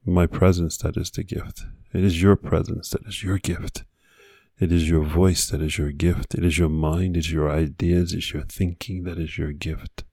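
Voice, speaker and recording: A man's voice: low voice, level tone, moderate pace, mellow, husky, no room sound, studio quality. A man hosting a podcast, delivering an earnest motivational monologue with repeated exhortations. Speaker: podcast host.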